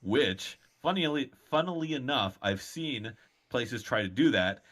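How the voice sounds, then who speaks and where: A man's voice: mid-range voice, animated, a little slow, fairly bright tone. A man co-hosting a casual chat podcast, ranting in an exasperated way. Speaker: podcast co-host.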